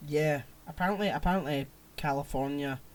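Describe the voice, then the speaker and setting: A laid-back man co-hosting a casual podcast, his voice sitting a little high for a man. He hesitates with fillers and likes to tease his co-host. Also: brisk. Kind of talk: casual chat.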